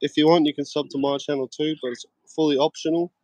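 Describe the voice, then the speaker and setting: A man's voice: on the high side, fairly even intonation, quick pace, a little mellow, dry recording, rough recording. Brash Australian man, swearing. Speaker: guest streamer. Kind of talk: casual livestream chat.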